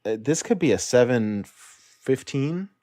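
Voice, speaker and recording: A man's voice: mid-range voice, lively intonation, slow, dark tone, no room sound, studio quality. A man appearing as a podcast guest, chatting casually in a hesitant way with lots of fillers. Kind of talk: casual chat about a card game.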